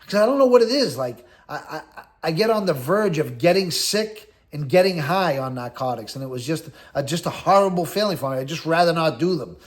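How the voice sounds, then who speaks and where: A man's voice: fairly high pitch, animated, fairly quick. A middle-aged man, telling a long personal story in a rambling, blunt, conversational way. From Boston area. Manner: rambling and conversational, full of "like" and "you know", blunt street talk. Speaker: host recounting prison experience. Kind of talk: casual storytelling monologue.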